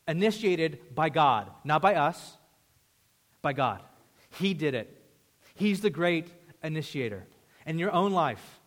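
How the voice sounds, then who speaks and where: Emphatic male preacher in a reverberant hall. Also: a little high. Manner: emphatic preaching, swinging between loud and hushed; conversational storytelling asides. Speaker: pastor. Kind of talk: sermon.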